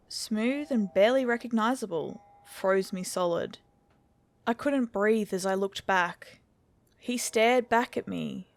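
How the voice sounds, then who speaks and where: A woman narrates a scripted horror tale in a steady, measured way. Her voice sits at a middle pitch and keeps an even storytelling pace.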